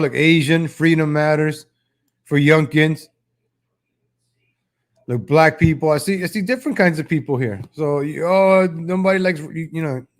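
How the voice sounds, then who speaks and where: High-pitched mocking streaming man. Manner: mocking, rambling, with frequent restarts. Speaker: live-stream political commentator. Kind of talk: casual live-stream commentary.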